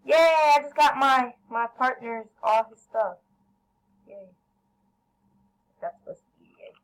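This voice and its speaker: A woman commentating her own gameplay, excitable, yelling at teammates and then apologizing. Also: high-pitched, measured pace, smooth, rough recording. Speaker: gaming channel host.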